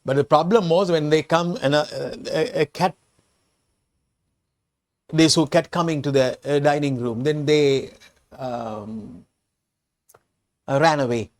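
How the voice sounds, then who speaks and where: A Sri Lankan English-accented man teaching English, retelling a storybook and explaining each word. He talks slowly and repeats himself with many restarts, in a voice a little higher than most men's. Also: creaky. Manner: slow, repetitive explanations with restarts.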